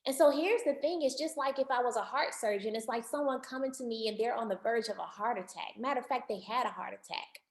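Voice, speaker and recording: A woman marriage counselor giving an online workshop talk, animated and repeating words for emphasis, calling her listeners family. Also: on the high side, quick pace, gravelly, hardly any pauses, echoey room.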